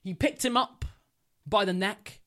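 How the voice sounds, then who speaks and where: A man's voice: sits high, a little slow, bright, forceful tone. A young man, co-hosting a podcast, rambling and giggling as he makes up a silly story. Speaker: podcast co-host. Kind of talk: casual podcast chat, improvised storytelling.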